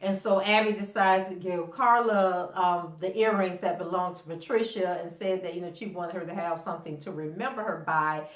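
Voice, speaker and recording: A woman's voice: fairly low pitch, fairly even intonation, moderate pace, few pauses, echoey room. A middle-aged woman hosting a casual TV episode recap. She is chatty, laughs often, and acts out quotes from the characters. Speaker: TV recap host.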